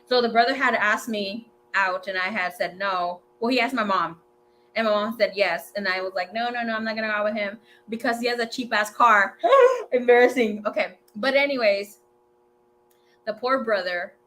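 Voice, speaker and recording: A woman in her twenties hosting a tarot livestream, telling a story in a chatty, animated way, swearing freely and mixing in Spanish words. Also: medium pitch, normal speed, a little hiss or hum. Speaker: tarot reader and livestream host. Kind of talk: casual storytelling chat.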